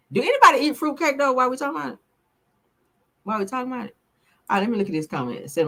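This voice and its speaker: A woman's voice: mid-range voice, sharp tone, slightly rough. A woman hosting a casual commentary show, reading viewer comments in a slangy way and laughing often. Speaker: show host.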